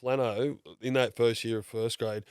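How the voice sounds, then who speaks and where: A man's voice: medium pitch, steady tone, moderate pace, a little mellow, smooth, no echo, clean studio sound. An Australian man in his thirties, telling stories in a blokey, casual way, swearing freely and acting out what others said. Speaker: podcast guest. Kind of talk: casual storytelling chat.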